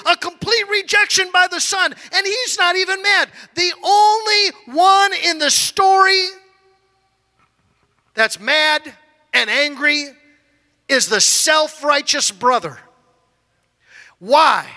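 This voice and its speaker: A man preaching a sermon, moving from loud shouted lines to quiet low asides. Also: long reverb tail.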